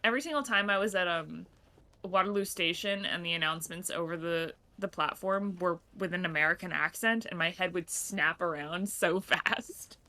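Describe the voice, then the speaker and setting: A chatty woman playing a game with friends over voice chat, quick to laugh. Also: on the low side, sharp tone. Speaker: stream guest player. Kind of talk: casual gaming chat. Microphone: headset mic over voice chat.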